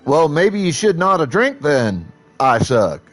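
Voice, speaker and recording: Man, live streamer, casual chat, slow, swearing, rambling restarts. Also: fairly high pitch, big pitch swings, soft background music. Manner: rambling, profane, with frequent restarts.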